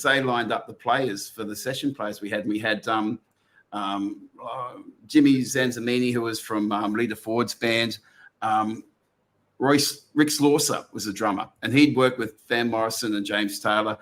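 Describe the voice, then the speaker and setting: A man's voice: medium pitch, fairly even intonation, unhurried, fairly bright tone. A middle-aged man with an Australian accent, co-hosting a casual chat and telling long stories with many restarts. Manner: rambling storyteller with many restarts. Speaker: podcast co-host.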